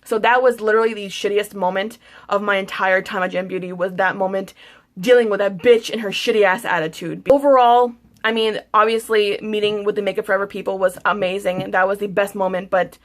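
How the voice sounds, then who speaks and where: Woman beauty vlogger venting a story. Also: medium pitch. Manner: venting, frustrated, swears freely; repeats words, rambling with restarts. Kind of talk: casual storytime vlog.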